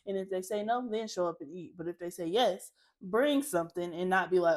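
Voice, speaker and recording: A woman's voice: on the low side, fairly quick. A young adult woman co-hosting a podcast, speaking bluntly with cursing and acting out what people say. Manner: blunt, profane, acts out quoted lines. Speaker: podcast co-host. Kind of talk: casual chat.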